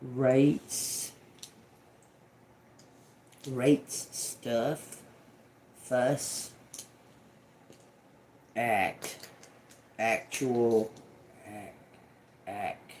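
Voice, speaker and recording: A man's voice: mid-range voice, extremely slow, pauses often, darkish tone, a little hiss or hum. A man doing a casual tarot reading, rambling and cursing, often repeating single words as they come to him. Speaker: tarot reader.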